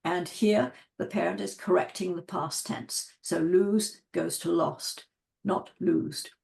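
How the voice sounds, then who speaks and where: Older woman lecturing, gravelly and low. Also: fairly even intonation, darkish tone. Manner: measured, frequent ums and restarts, reads out child speech examples. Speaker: linguist giving a lecture. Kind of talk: academic lecture over video call. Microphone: video call microphone.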